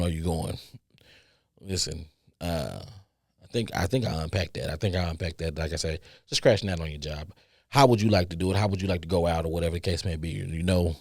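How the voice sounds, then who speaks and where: A man's voice: deep voice, no echo, studio quality. A man hosting a podcast, telling a story in casual chat that rambles and repeats, with stutters, restarts and free swearing. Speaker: podcast host.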